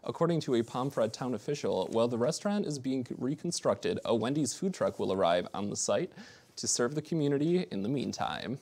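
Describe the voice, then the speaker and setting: A young male anchor reading the news at a middle pitch. He speaks steadily but now and then trips over a word and corrects himself, in a plain college-station broadcast manner. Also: animated, fairly quick, darkish tone. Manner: reads steadily, with small slips and self-corrections. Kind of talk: college TV newscast.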